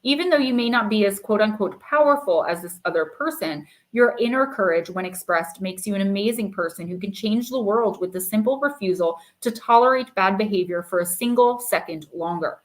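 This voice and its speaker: A woman hosting a live-stream oracle card reading, talking in a loose, chatty way full of fillers. She reads the card meanings aloud at an ordinary mid pitch. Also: lively intonation, brisk, hardly any pauses.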